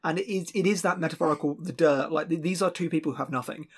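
A man with a husky voice chatting casually about a film, animated and laughing often, with many restarts. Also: on the high side, quick pace.

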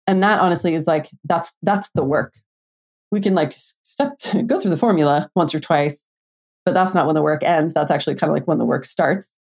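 A young adult woman talking on her own podcast as a dating coach. Her voice sits a little low, and she speaks in a relaxed, chatty way full of filler words and now and then a curse. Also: fairly quick. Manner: casual, chatty, lots of "like", mild swearing, playful quoted inner voices. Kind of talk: solo podcast monologue.

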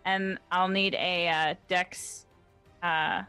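A woman's voice: mid-range voice, slow, fairly bright tone, faint music behind. A woman playing a tabletop game, flustered and apologetic, filling her turn with ums. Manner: flustered, apologetic, many fillers. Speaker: player.

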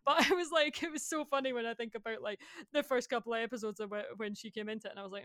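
A young Scottish woman chatting enthusiastically as a podcast guest, full of "like" fillers and quick laughs. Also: on the high side, a bit bright, no echo, studio quality. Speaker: guest, musician and actor. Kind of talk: casual podcast chat.

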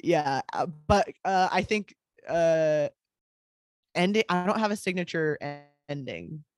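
A woman's voice: sits low, animated, unhurried, no echo. A woman co-hosting a podcast in casual chat, laughing often and rambling through her thoughts. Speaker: podcast co-host.

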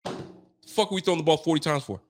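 A man's voice: a little high, fast talker. A young man hosting a sports show, venting in a heated postgame rant, slangy and repetitive. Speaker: sports podcast host.

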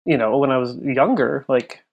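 A man's voice: mid-range voice, normal speed, creaky, highs cut off. A man in his thirties on a podcast, telling a personal family story in a rambling, emotional way, full of "like". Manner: rambling, heavy use of "like", emotional. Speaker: podcast co-host. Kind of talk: casual storytelling chat.

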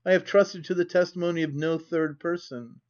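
A man's voice: fairly high pitch, steady tone, a little mellow, dull audio, lightly acted. A man voicing a cold, proud wronged wife. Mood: resolute. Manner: cold, measured, dignified.

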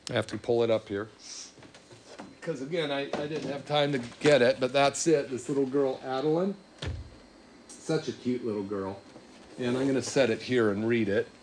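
A chiropractor reads a patient testimonial aloud, choking up emotionally, then chats and enthusiastically promotes his practice. His mid-range voice has a darkish tone and moves at a moderate pace, with slight hiss or hum in the audio.

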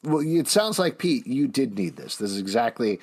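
Animated husky man hosting a podcast. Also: mid-range voice, moderate pace. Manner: wry, animated, leads the talk. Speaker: podcast host. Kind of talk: casual chat.

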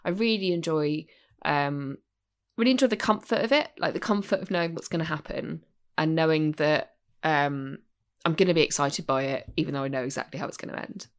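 A woman co-hosting a podcast in casual chat, animated and swearing freely, often restarting her sentences. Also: deep voice, fairly quick. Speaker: podcast co-host.

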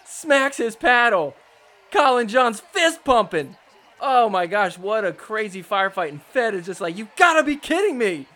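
A man hosting a podcast, recapping pickleball matches over footage in a casual, jokey, excitable way and mock-quoting the players. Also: high-pitched.

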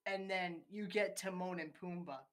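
A woman's voice: lowish voice, steady tone, moderate pace, crowd noise. A woman in casual conversation, walking through a film scene step by step and acting out its quoted lines.

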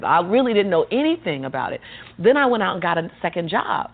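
A woman's voice: fairly low pitch, animated, quick pace, phone-quality sound. A woman telling her story in a motivational speaking style, emphatic and preacherly with lots of repetition. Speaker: guest speaker.

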